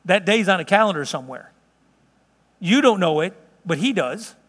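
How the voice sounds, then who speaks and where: A man's voice: sits high, lively intonation, moderate pace, a bit bright, big-room sound. A middle-aged man preaching a sermon in a conversational, storytelling way to a congregation. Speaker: pastor. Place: church hall.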